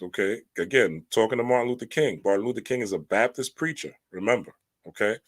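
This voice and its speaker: Blunt, preachy man with a low voice. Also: fast. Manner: blunt, preachy, slangy asides, rising emphasis. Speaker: spiritual teacher. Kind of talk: livestream talk reading and commenting.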